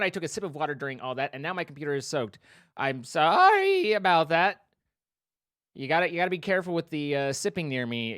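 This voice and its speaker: Guy streamer thanking chat, joking around, slightly high voice, dead dry sound. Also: fairly bright tone, smooth, dry recording. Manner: reads out donor names, playful joking asides. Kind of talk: casual live-stream chat.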